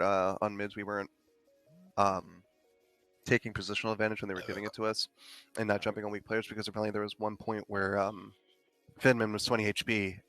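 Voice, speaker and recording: Bright-voiced man in animated gaming talk. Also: lowish voice, no room sound. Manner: animated storytelling, loud when quoting his own shouts. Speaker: competitive player co-hosting a match review stream. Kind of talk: casual chat.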